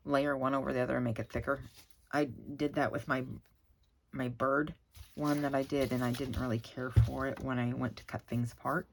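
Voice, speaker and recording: A crafting channel host with a notably low voice rambles, gushes and exclaims as she works in a loose, homey vlog. The audio is poor, with a faint background hum.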